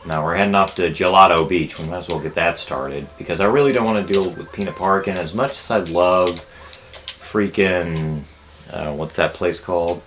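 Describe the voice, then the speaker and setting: A young man with a low, deep voice talks his way through a video game. He rambles in a relaxed, chatty way, cracks jokes and breaks into loud outbursts at what happens on screen. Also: normal speed. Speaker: let's play host. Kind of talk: casual gameplay commentary.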